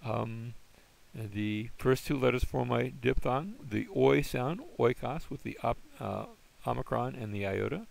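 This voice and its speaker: A man giving an informal Greek lesson, patiently explaining letter sounds and slowly sounding words out as he thinks aloud. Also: medium pitch, creaky. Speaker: Greek teacher.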